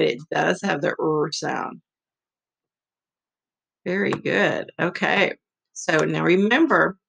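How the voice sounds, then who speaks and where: Female teacher, low gravelly voice, slow and patient, phonics lesson over a computer mic. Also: fairly bright tone, rough recording. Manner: slow, patient, sounds out letters repeatedly. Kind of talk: remote phonics lesson for young children.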